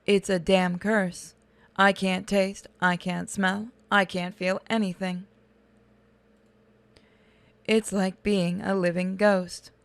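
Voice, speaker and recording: Brief: woman playing a moody male cyborg inmate, robot voice effect, quiet flat delivery, smooth tone, dry sound. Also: mid-range voice, takes it slowly, long pauses, no room sound. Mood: bitter. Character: gloomy male cyborg prisoner, bitter and self-pitying.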